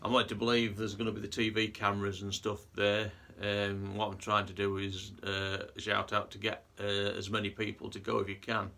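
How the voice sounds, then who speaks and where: A man's voice: fairly low pitch, monotone, moderate pace, hardly any pauses, bright, forceful tone. A man vlogging in a casual monologue, earnest and rambling with frequent restarts.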